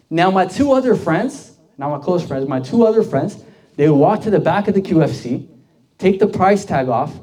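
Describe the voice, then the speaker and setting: A young man, a deacon, tells stories in a youth sermon, loose and conversational and full of "like." His voice sits a bit high but sounds dark and mellow. He checks in with the group and asks them questions as he goes. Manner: conversational, lots of "like" fillers, asks the audience questions. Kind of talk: casual storytelling sermon.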